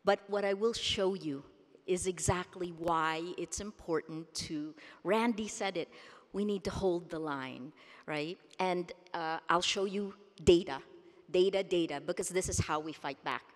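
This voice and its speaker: A low-pitched woman gives an emphatic keynote speech into a podium microphone. She is from the Philippines and stresses her points by repeating words. Her voice carries a long echo through a big conference hall. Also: unhurried. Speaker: keynote speaker. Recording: long reverb of a large hall.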